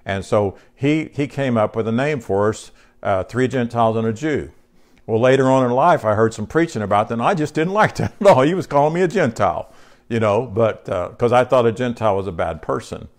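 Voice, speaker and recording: A man's voice: medium pitch, expressive, brisk. A male pastor preaching in a conversational sermon style, reading scripture aloud and putting questions to his congregation. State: short on sleep.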